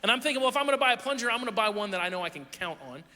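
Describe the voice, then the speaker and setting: A young man preaching a sermon, telling a funny story about himself in an animated, self-deprecating way. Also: very high voice, rapid-fire. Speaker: pastor. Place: church auditorium. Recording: long hall reverb.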